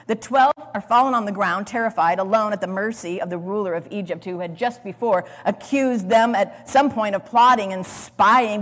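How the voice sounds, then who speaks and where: Woman, Bible teacher, dramatic storytelling sermon, mid pitch, long hall reverb. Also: normal speed, hardly any pauses, a bit bright. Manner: dramatic storytelling, repeats words.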